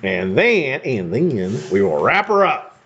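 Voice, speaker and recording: A man's voice: mid-range voice, very animated, slow, a bit bright, husky. An American man hosting a live stream, chatting casually and rambling with casual swearing while he builds coils. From United States. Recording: dull lo-fi stream audio.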